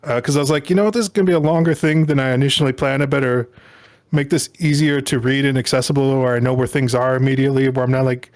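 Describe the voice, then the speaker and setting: Laid-back man with a soft, held-back voice. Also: medium pitch, steady tone, fast talker, dry recording, studio quality. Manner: laid-back, keeps his voice soft and restrained. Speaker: podcast co-host. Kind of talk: casual chat.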